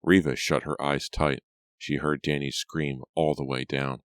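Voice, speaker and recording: A man reading a thriller audiobook as its narrator, in a steady, measured delivery. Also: extremely low pitch, dry recording, studio quality. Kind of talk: scripted narration.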